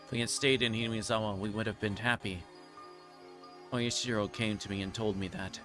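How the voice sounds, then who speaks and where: A delirious, guilt-ridden young girl in a visual novel, read aloud by a man in his own fairly low voice. The reading loops back on itself in anguish and trips over the odd word. Game music plays clearly behind. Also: steady tone, fairly quick, fairly bright tone, lightly acted. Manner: repetitive, anguished, occasional stumbles over words. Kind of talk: dramatic reading of game text.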